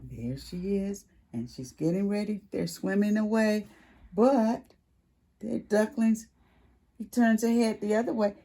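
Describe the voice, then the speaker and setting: A woman reading a picture book aloud at a library storytime for preschoolers, animated, with gasps and whispered asides to the children. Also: mid-range voice, a little slow.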